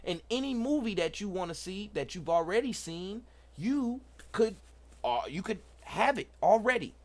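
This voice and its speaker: Animated man hosting a tech talk. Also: high-pitched, moderate pace. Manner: excited, preachy, repeats himself, talks to chat. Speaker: host. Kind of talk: casual livestream tech talk.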